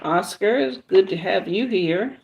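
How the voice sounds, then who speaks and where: A woman with a Southern US accent hosting a casual livestream, chatting with viewers and giving a tarot reading in a relaxed, chatty way. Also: medium pitch, vocal fry, lo-fi sound, noisy background. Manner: relaxed, chatty, drawn-out pauses. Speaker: tarot reader livestream host.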